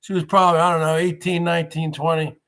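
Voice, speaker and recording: Man in his forties hosting a stream rant, sarcastic, high bright voice, unhurried. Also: little pitch movement, vocal fry. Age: 40s. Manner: sarcastic, emphatic, repeats himself. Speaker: show host. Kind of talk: casual livestream rant.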